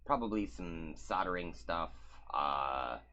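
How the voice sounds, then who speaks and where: A man's voice: deep voice, expressive, slow, sharp tone, exaggerated voice. A man voicing a weary male wrestling booker who drawls in a hesitant, businesslike way. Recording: muffled lo-fi audio.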